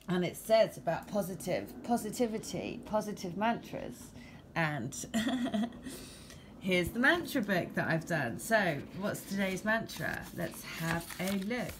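A woman with an English accent giving a spiritual card reading, moving between steady reading of card meanings and excited, laughing chat about synchronicities. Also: on the low side, noisy background. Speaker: tarot and oracle card reader.

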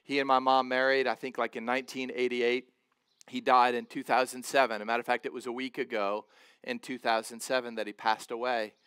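A man's voice: medium pitch, flat delivery, fairly quick, a bit bright, smooth, no room sound, studio quality. A man in his forties preaching a sermon as pastor, earnest and emphatic, often repeating words and restarting.

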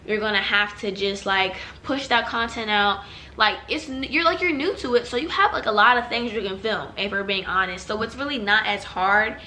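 Young woman, bright tense voice, casual chatty vlog advice, lots of "like" and "y'all". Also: mid-range voice, moderate pace, a little hiss or hum. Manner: chatty, heavy use of "like" and "y'all". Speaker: YouTuber giving channel tips.

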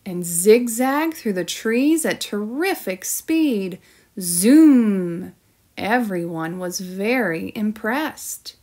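A woman teacher reading a children's storybook aloud in an expressive, storytelling manner. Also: mid-range voice, takes it slowly, hardly any pauses.

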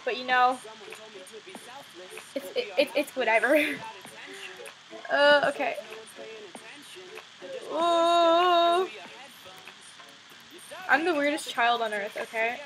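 High-pitched giggly young woman gaming. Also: measured pace, pauses often, a bit bright, poor audio. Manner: giggly, rambling, playful. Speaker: gaming channel host. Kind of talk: casual gameplay commentary. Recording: faint background music under the voice. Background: music playing in the background.

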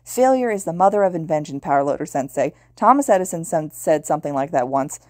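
A woman's voice: deep voice, animated, fast, darkish tone, no echo, clean studio sound. A woman voicing a reckless, cheerful teenage girl inventor in a story read aloud. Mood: breezy. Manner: bubbly, teasing.

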